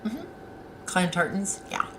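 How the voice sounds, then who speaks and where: A woman's voice: on the low side, huge pitch swings, takes it slowly, vocal fry, noisy background. A woman author hosting a casual live stream, chatting and answering viewer comments as they come in.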